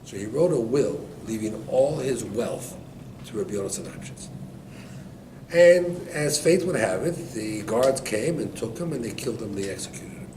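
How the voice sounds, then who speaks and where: A man, a rabbi, giving an animated storytelling Torah class to listeners. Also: mid-range voice, normal speed. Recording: echoey room, distant mic, background noise.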